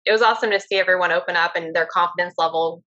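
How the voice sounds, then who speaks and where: Woman, enthusiastic, bright low voice, dull recording. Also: steady tone, very fast. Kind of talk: casual chat.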